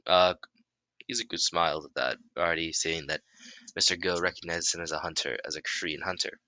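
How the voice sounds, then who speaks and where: Deep-voiced man improvising a fan story. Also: pushed and bright, no room sound. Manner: halting, many restarts, making it up as he goes. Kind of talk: improvised fan-fiction narration.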